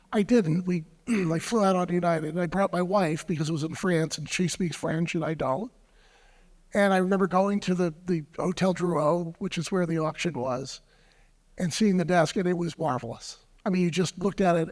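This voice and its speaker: A man with a high voice tells a collecting anecdote on a panel, clearing his throat now and then and trailing into fillers. His voice rings with the long reverb of a large hall. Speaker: antiques dealer. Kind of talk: panel discussion storytelling.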